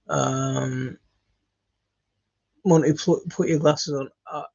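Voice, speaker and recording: A man's voice: on the high side, creaky, slightly rough, lo-fi sound. Tired, rambling man on a live stream. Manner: rambling, hesitant, many ums and restarts. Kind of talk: casual live chat reading viewer comments.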